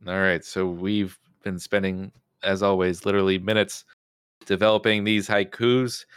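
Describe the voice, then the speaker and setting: A man's voice: low-pitched, flat delivery, normal speed, a bit bright, smooth, no room sound, studio quality. A man co-hosting a podcast in casual chat, laid-back and chuckling along. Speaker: podcast co-host.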